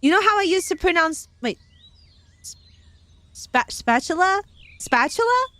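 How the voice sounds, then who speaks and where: A woman's voice: very high voice, big pitch swings, brisk, pushed and bright. A young woman streaming casually, giggling often and breaking off from reading tarot card meanings to chat playfully. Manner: reads tarot meanings aloud with asides. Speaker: virtual streamer.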